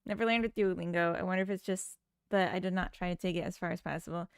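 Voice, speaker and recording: A woman's voice: fairly low pitch, steady tone, smooth, no room sound, studio quality. A woman streamer chatting casually with her viewers while she works on her game code. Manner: unhurried, chats with viewers and reads their comments.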